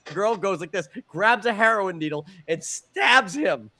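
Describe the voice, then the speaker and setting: A man co-hosting a podcast, telling stories in a profane, animated way and stumbling over repeated words. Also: sits high, unhurried. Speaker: podcast co-host. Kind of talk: casual podcast chat.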